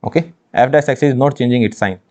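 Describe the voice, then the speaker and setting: A man's voice: mid-range voice, quick pace, a little mellow. A man teaching engineering maths in an online exam-prep lecture, emphatic, repeating phrases and asking rhetorical questions. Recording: dull lo-fi sound.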